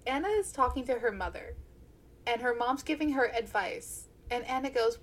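A woman's voice: a little high, moderate pace. A young woman co-hosting a book podcast, retelling scenes with lots of laughter and "like" fillers. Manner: giggly, animated retelling with "like" fillers. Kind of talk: casual book chat.

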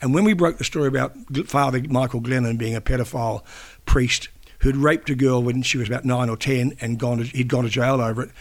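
An older man from New Zealand with a gravelly, fry-laden voice speaks as an interviewee. He was once a newspaper editor and broadcaster. He tells a personal story haltingly, often restarting his sentences. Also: medium pitch. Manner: halting, with frequent restarts and fillers.

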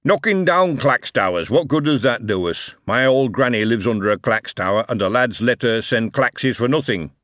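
A man reading an audiobook, voicing a gruff male dwarf drinker who argues loudly and bluntly. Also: mid-range voice, animated, normal speed, hardly any pauses, no echo, studio quality, lightly acted. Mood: argumentative. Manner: loud, blunt, argumentative.

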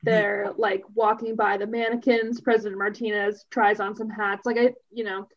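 A woman's voice: medium pitch, little pitch movement, moderate pace. A woman co-hosting a podcast, musing in an amused, hesitant way about a scene. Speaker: podcast co-host. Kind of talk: casual recap chat. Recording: slightly dull lo-fi mic.

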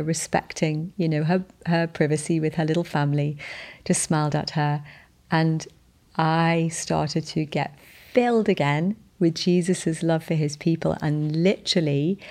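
A woman's voice: sits low, a little mellow. A woman hosting a podcast, telling a personal faith testimony in an earnest, heartfelt way with frequent restarts. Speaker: podcast host.

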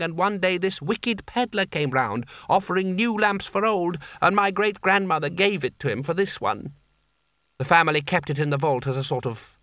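A man's voice: a little high, a bit bright, no room sound, clean studio sound, voice pushed up. A man doing a prim, flowery old-style ruler. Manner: prim, ornate compliments. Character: pompous flowery-speaking rich male ruler.

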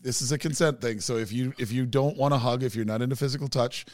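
A man's voice: medium pitch, quick pace, no echo. A man co-hosting a casual podcast chat, talking with enthusiasm. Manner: enthusiastic, excited.

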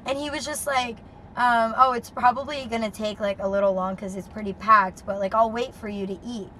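A young woman with a slightly high voice tells a dating story in a casual, animated way, swearing freely and filling her sentences with "like". A faint hiss of noise sits behind her. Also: fairly quick. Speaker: podcast co-host.

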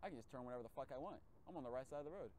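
A man hosting a casual podcast chat, telling a story with lively acted-out reactions and frequent swearing. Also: medium pitch, rapid-fire. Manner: animated storytelling, acts out his own reactions, swears freely. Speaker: podcast host.

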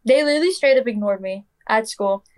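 A woman's voice: fairly high pitch, brisk. A young woman telling a personal story in a casual, chatty way, full of "like" and "literally", acting out what people said. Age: young adult. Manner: acts out quoted dialogue.

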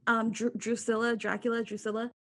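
A young woman co-hosting a podcast, giving quick, exasperated commentary in casual chat. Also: on the high side, flat delivery, a bit bright. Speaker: podcast co-host.

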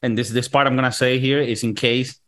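A man's voice: medium pitch, level tone, a little fast, a bit bright. A man hosting a casual podcast, swearing freely and joking around with his friends. He has a mid-range voice and a loose, rambling way of talking. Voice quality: loose, profane, jokey delivery. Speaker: podcast host. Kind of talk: casual crude podcast banter.

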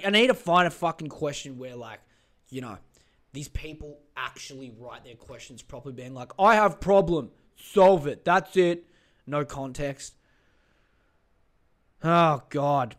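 A man's voice: medium pitch, measured pace, fairly bright tone. A man hosting a casual solo podcast, rambling and swearing, muttering to himself and mocking himself as he searches for material. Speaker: podcast host.

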